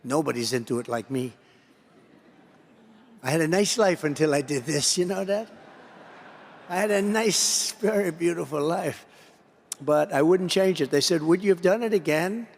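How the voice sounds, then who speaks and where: A man delivers a rambling political speech from a podium, circling back to the same phrases again and again. His voice sits a little high for a man and has a gravelly, fry-laden edge. A long reverb from a large convention hall trails behind every phrase. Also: measured pace, pauses often, slight background noise. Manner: rambling, repetitive, digressive. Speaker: political speaker addressing an association. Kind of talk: rally-style political speech.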